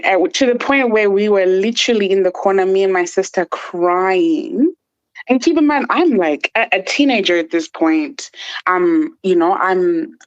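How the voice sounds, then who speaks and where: A woman guest telling a painful personal story in an earnest, halting way, often restarting her sentences. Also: mid-range voice, dull audio. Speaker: podcast guest.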